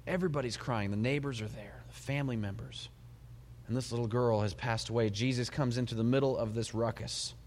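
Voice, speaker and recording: A middle-aged man, a pastor, giving a sermon, retelling the story with animated storytelling and soft laughs. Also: mid-range voice, a little fast, a little hiss or hum. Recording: long hall reverb.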